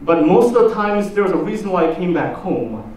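A pastor with a Korean accent giving a slow sermon, asking the congregation drawn-out questions. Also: male voice, high voice, sing-song, darkish tone. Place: church hall. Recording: roomy echo, distant mic, faint noise.

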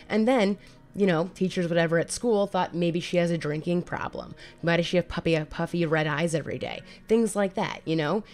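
Candid woman telling her story, lowish voice. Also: a little mellow. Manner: candid, conversational, repeats phrases. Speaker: mental health advocate and vlogger. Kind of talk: personal story vlog.

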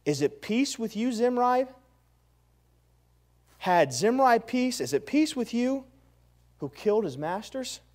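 A man's voice: very high-pitched, very animated, slow, pauses often, darkish tone, pitched above the performer's own voice, heavily acted. A scornful taunting queen, as a preacher puts her on. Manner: mocking taunt.

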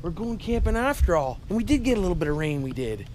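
Canadian male vlogger, casual folksy banter, animated pitch, faint background noise. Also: quick pace. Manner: jokey, folksy, tags lines with "eh" and "why wouldn't I". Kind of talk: casual chat to camera.

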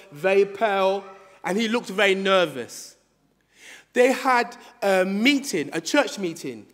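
A man preaching a sermon in a church, telling a children's story with animated call-and-response. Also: high voice. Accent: British. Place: church hall. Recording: church hall reverb.

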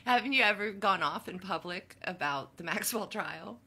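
Bright-voiced lively host, middle-aged woman. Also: mid-range voice, normal speed, breathy edge. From Ohio, United States. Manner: lively, laughs often, teasing. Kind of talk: casual conversation.

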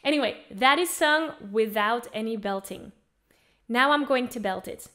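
A woman's voice: fairly high pitch, moderate pace, fairly bright tone. A woman teaching an online singing lesson, explaining things in an upbeat way and demonstrating with her own voice. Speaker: vocal coach.

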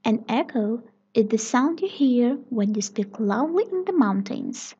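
Woman reading as a gentle gazelle teacher, storybook, breathy, slow and patient, lo-fi sound. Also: on the high side, expressive. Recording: dull lo-fi recording.

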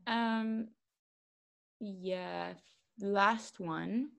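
A woman's voice: medium pitch, drawn-out words, gravelly, long pauses, a bit bright. Chatty young woman from Luxembourg. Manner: chatty, loose, trailing fillers. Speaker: quiz round host. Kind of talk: casual online quiz chat.

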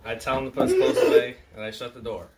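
A man chatting casually at home, telling a story in a relaxed way with small restarts. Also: mid-range voice, quick pace, over a noisy crowd. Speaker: family friend.

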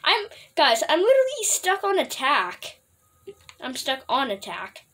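A woman commentating her own gameplay, excitable and playful, laughing often and trash-talking her friends. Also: high-pitched, measured pace. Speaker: gaming video host.

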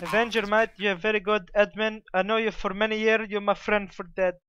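A man's voice: sits high, little pitch movement, fairly quick, pushed and bright. A man talking in broken English during casual game voice chat, tacking a stock phrase onto his sentences and trading playful insults. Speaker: gamer in voice chat. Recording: slightly dull voice-chat audio with faint noise.

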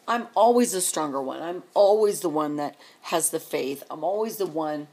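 A woman's voice: low voice, lively intonation, normal speed, hardly any pauses, background noise. A middle-aged woman venting on her vlog in an exasperated rant, firing off rhetorical questions and repeating herself. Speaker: vlogger. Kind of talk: emotional rant to camera.

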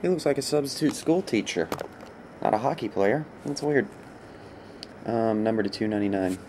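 A man casually calling out cards as he opens packs, rambling and easily excited, with a laugh here and there. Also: lowish voice, moderate pace, noisy background. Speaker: card break host. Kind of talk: casual card-opening commentary.

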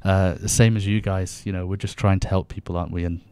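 British man, young, podcast guest; low voice, earnest, halting delivery, dry close sound. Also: little pitch movement, mellow, clean tone, no room sound. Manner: earnest, with frequent restarts. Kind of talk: casual conversation about faith.

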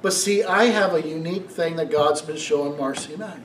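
Middle-aged pastor preaching in an echoey church. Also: male voice, on the high side, brisk, slight background noise. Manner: storytelling, animated, asks the congregation questions. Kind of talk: sermon. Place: church sanctuary. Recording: echoey room, mic from a distance.

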